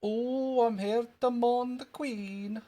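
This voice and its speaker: A man voicing a cranky, wrinkly little Scottish man who claims to be a boy, in a high put-on voice with a Scottish accent, telling tall tales. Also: fairly even intonation, slow pace, warm tone. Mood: doting. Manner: boastful, rambling tall tales. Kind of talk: improvised street comedy bit.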